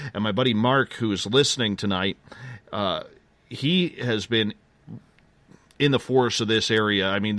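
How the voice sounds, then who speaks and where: Excitable middle-aged man telling a story. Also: fairly low pitch, dry recording. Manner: excitable storyteller who jumps ahead and restarts. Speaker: interview guest, field investigator. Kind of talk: radio interview storytelling.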